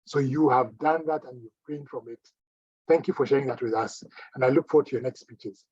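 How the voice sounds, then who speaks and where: A man's voice: medium pitch, fairly quick, a little mellow, breathy edge, no echo, highs cut off. A man giving an encouraging speech evaluation at a club meeting, repeating phrases for emphasis.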